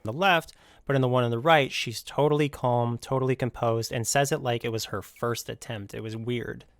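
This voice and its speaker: Man, skeptical video commentary, smooth voice, dry sound. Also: mid-range voice, fairly even intonation, a little fast, no room sound. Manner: probing and skeptical.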